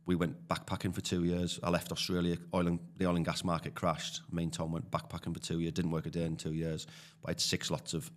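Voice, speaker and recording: A man's voice: sits low, completely flat delivery, quick pace, hardly any pauses. A man with a Teesside accent, a property investor telling stories as a podcast guest in a loose, chatty way. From Teesside, England. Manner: chatty storyteller, many fillers. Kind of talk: casual podcast conversation.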